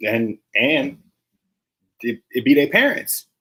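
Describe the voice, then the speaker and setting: A man co-hosting a casual podcast, talking in a relaxed, hesitant way full of "you know" and "um". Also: medium pitch, takes it slowly, breathy edge. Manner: relaxed, hesitant, heavy on fillers. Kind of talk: casual chat.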